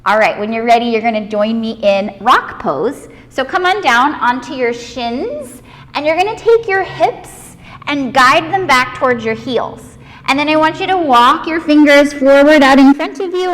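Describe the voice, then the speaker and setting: A woman leading a children's yoga class, gentle and playful, encouraging the kids and making animal noises. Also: high voice, expressive, moderate pace, big-room sound.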